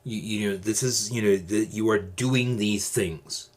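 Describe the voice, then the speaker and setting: A man hosting his own channel, giving advice in a calm, measured, deliberate casual monologue. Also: fairly low pitch.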